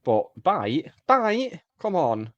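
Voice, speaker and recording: A man's voice: medium pitch, lively intonation, brisk, a little mellow, no echo, highs cut off. A man co-hosting a podcast, chatting casually and animatedly, mimicking crude lines for laughs. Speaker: podcast co-host. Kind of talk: casual comedic chat.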